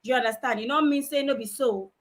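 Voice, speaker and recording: High-voiced Nigerian woman hosting a stream. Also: fast talker, poor audio. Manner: chatty, mixes Pidgin and English. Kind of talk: casual live-stream discussion.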